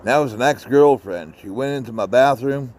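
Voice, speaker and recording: A man's voice: medium pitch, normal speed, a little mellow. A man leaving a recorded voice message for a radio show, telling a story in a laid-back way.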